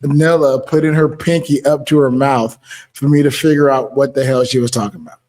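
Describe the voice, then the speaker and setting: A man's voice: medium pitch, steady tone, a little fast, a little mellow. A man co-hosting a podcast in casual chat, laid-back and full of joking asides. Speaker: podcast co-host.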